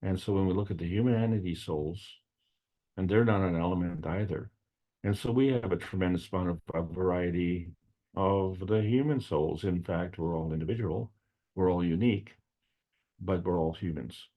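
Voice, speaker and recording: A man presenting at an online meeting, speaking slowly in a rambling way with frequent fillers and restarts. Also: low voice, muffled recording. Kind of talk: unscripted spiritual science talk.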